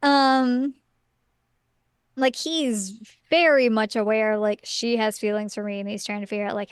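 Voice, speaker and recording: A woman with a smooth, clean-toned voice pitched a little high, chatting on a podcast as she recaps a story. She fills her talk with "like" and "um" and keeps a relaxed, chatty flow. The sound is close and dry. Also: a little slow, no echo. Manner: chatty, full of "like" and "um" fillers. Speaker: podcast co-host. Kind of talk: casual chat recapping a story.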